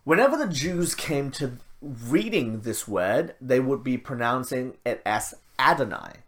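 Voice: mid-range voice, lively intonation, a little slow, a bit bright, a little hiss or hum. A preacher teaching a sermon, reading scripture aloud and explaining it in a conversational way.

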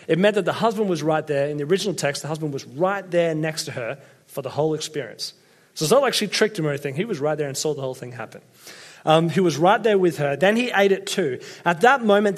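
A young man preaching a sermon in a chatty, joking way, often checking in with the congregation. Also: on the high side. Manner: conversational, jokey, often checks in with "right?" and "okay?". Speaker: pastor.

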